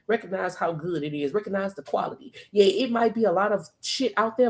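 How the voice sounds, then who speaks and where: A woman's voice: mid-range voice, animated, fast talker, hardly any pauses, darkish tone. Woman giving a streetwise tarot reading. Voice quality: emphatic, streetwise, profane. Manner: coaching, repeats phrases for emphasis. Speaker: tarot reader. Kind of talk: live-stream tarot reading.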